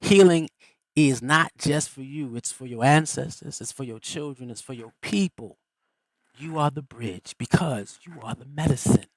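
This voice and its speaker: A man's voice: medium pitch, dry recording, poor audio. A middle-aged man hosting a live stream, giving a motivational teaching in a folksy, preacherly way. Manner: animated, preacherly, folksy and quick. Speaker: host.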